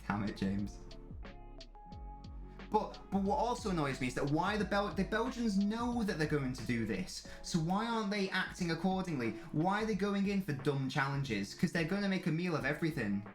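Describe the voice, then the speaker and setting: A man's voice: sits high, sing-song, moderate pace, faint music behind. Male streamer, angry foul-mouthed live-match ranting, echoey room. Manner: angry ranting, heavy swearing. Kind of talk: live match watch-along commentary.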